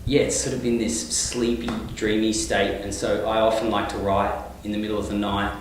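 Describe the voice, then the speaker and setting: A man with an Australian accent, a touring singer-songwriter, chatting in a relaxed, rambling way with many fillers. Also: on the low side, moderate pace, noisy background. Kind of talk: casual interview. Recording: echoey room, mic at a distance.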